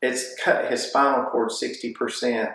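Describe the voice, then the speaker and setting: Man, personal testimony, animated storyteller, acts out quotes, mid-pitched voice, very echoey room. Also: unhurried. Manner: animated, acts out what people said. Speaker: testimony speaker.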